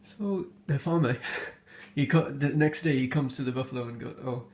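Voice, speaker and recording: Here a man tells an old folk tale in a loose, offhand way, tripping over words and starting again, pausing often on fillers and clearly entertained by the story. His voice is plain, mid-pitched, and somewhat dark.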